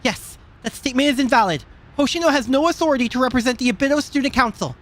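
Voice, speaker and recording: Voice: high voice, quick pace, a bit bright, voice pushed up. A streamer voicing a stern young schoolgirl student council president in a raised, firm tone.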